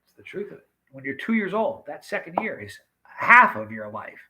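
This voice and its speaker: 50s guy hosting a live chat stream, kinda high voice, bright and punchy, shouting out people in the chat. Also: very animated, normal speed, poor audio. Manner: chatty, greets viewers by name. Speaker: livestream host. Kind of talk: casual livestream chat.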